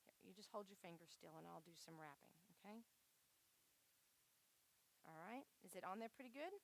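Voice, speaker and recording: A woman's voice: fairly low pitch, expressive, normal speed, gravelly, slight background noise. A woman leading a children's church lesson, upbeat and coaxing, often saying "all right". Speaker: Vacation Bible School leader.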